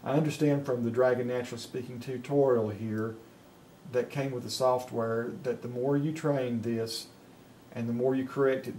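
A man with a regional Appalachian accent speaks in a plain, folksy way, dictating sentences and then commenting on them as he goes. His voice sits at an ordinary middle pitch. There is a faint ambient noise in the background. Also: darkish tone. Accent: Southern Appalachian. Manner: plain, folksy, thinking aloud while dictating. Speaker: software reviewer. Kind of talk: casual dictation test and review.

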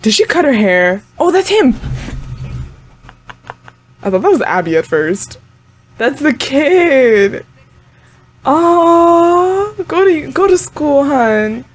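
A woman's voice: high voice, big pitch swings, takes it slowly, pauses often. A young woman hosting a reaction video, chatting casually to the screen with frequent exclamations and laughs. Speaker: anime reaction channel host.

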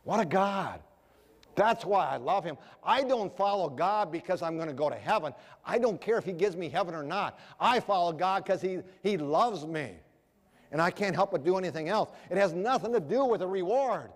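A man's voice: high-pitched, animated, moderate pace. A man preaching a sermon earnestly, asking the audience rhetorical questions. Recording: echoey hall reverb.

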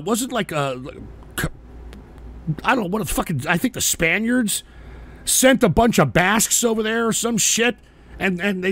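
A man hosting a live radio-style show, ranting profanely at chat commenters and shouting in mocking outbursts. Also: high voice.

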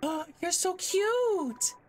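A woman doing a high, gushing onion sea creature. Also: very animated, slow, a bit bright, soft background music, exaggerated voice.

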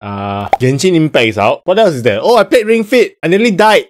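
A man's voice: a little high, very animated, fairly quick, slight background noise. A man with a Singaporean English accent, casually vlogging at home, giggly and rambling. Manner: giggly, rambling, self-mocking. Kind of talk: casual haul vlog. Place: home, then a small bathroom.

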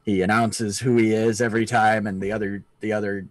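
A man's voice: lowish voice, flat delivery, brisk, no room sound. A man co-hosting a casual chat about his week of tabletop gaming, rambling with many fillers and restarts. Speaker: podcast co-host.

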